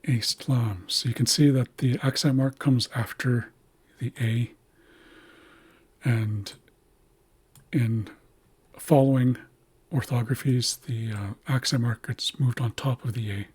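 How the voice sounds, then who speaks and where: A man teaching a language's writing system, slowly explaining letters and repeating words to model their pronunciation. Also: medium pitch, fairly even intonation, darkish tone, slightly rough, dry recording.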